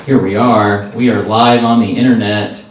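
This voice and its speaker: A man's voice: on the low side, steady tone, moderate pace. A man opening a stand-up comedy set in an offhand, self-mocking way. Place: comedy stage. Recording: very echoey hall, far off, faint noise.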